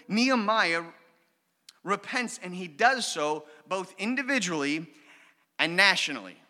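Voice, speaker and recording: A pastor in his thirties delivers an emphatic sermon in a fairly high voice with a very bright, forceful edge. He moves between scripture and a story about his young son. His voice rings with the long reverb of a large hall. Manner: earnest, emphatic preaching with storytelling.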